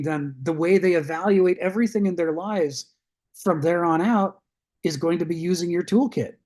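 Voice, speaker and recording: Thoughtful man lecturing. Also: a little mellow. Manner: thoughtful, repeats words when starting phrases, laughs into high pitch. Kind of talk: recorded lecture.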